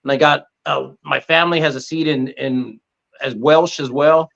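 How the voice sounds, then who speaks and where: A man's voice: on the high side, fairly even intonation, normal speed, vocal fry, fairly bright tone, highs cut off. A man hosting a podcast on a video call, enthusiastic and rambling in casual chat. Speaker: podcast host.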